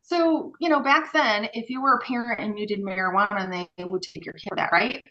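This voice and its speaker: A woman on a podcast recounting her work in casual, animated storytelling. Her voice is bright and forward, and she slips into quoted dialogue often, padding her talk with "um" and "like.". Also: mid-range voice, a little fast, lo-fi sound. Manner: animated, many fillers, acts out quoted dialogue. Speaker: podcast guest, former group home worker.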